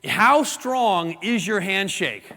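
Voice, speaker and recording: A man's voice: high voice, slow pace. A man giving a live seminar talk to an audience, acting out stories and gestures as he teaches. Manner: animated storyteller, acts out gestures and quotes. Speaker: real estate seminar speaker. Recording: long hall reverb.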